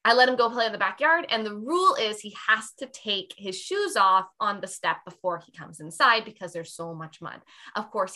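Woman podcast host, bright sharp tone, chatty storyteller, laughs easily. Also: medium pitch. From Canada. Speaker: podcast host, mother of a toddler. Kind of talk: casual podcast conversation.

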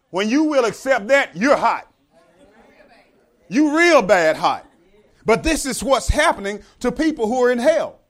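A man preaching a sermon as pastor, talking to the congregation and acting out the voices of the characters in the story. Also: very high voice.

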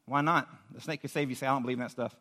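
A man preaching to a youth group, animated and pleading, acting out a story with a volunteer from the audience. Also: medium pitch, rapid-fire. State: out of breath. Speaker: youth pastor. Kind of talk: sermon with audience demonstration. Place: church hall with audience.

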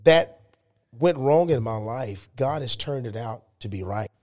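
Male guest, mid-pitched, emphatic storyteller in an interview. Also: measured pace. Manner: animated, emphatic storytelling with rising excitement.

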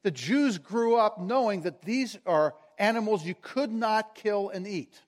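A man with a high voice and a slightly slow delivery preaches a sermon. He tells a story with animation and keeps asking the audience questions.

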